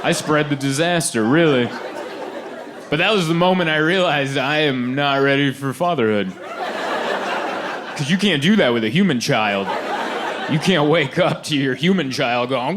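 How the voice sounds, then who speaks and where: Male stand-up comedian, a bit high pitch, animated, live stage recording, noisy room. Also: a little slow. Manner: animated, laughing often, acting out quoted voices. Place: live comedy venue with audience.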